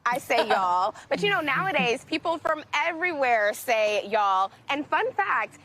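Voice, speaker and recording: Southern woman news anchor, high pitched and bright, chatty delivery. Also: lively intonation, moderate pace, a little hiss or hum. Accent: Southern American. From American South. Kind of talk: news broadcast chat.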